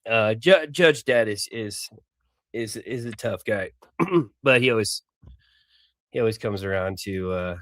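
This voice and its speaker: A man's voice: lowish voice, a little slow, long pauses, a bit bright, no echo. Mocking male commentator, dry close sound. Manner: mocking, chuckling asides. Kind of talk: casual commentary.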